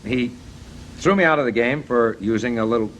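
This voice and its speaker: A middle-aged man, a baseball manager and guest on a TV talk show, telling blunt, jokey anecdotes in animated chat. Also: mid-range voice, fairly quick, a little hiss or hum.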